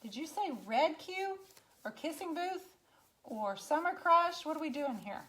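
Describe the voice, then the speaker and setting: Casting note: woman furniture painter on a live stream, chatty and teasing, voice a touch high, talking to viewers from her garage. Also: animated, unhurried, pushed and bright. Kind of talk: casual live-stream chat. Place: home garage.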